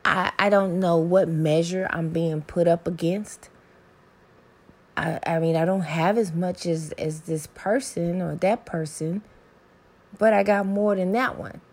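A woman's voice: fairly low pitch, steady tone, unhurried, a little mellow. A woman hosting her own podcast, talking candidly in a rambling, salty, self-deprecating way. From American South. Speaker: podcast host. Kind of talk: casual solo podcast monologue.

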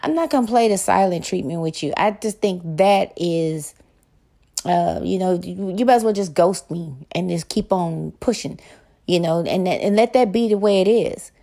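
A woman with a gravelly, mellow voice speaks in a loose casual monologue. She is blunt and profane and swears without a second thought. When she retells an argument, she plays out both sides herself. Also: fairly low pitch, normal speed.

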